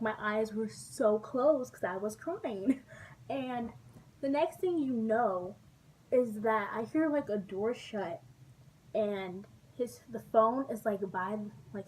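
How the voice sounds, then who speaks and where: A woman from Texas telling a storytime vlog, chatty and animated, and often laughing. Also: on the high side, unhurried. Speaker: vlogger. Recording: distant mic with faint background noise.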